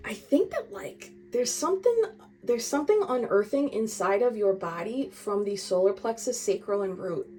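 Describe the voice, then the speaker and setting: A woman's voice: mid-range voice, expressive, normal speed, warm tone, a little hiss or hum. A young woman doing a casual spiritual tarot reading, talking straight to the viewer in a chatty, meandering and emphatic way. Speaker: tarot reader.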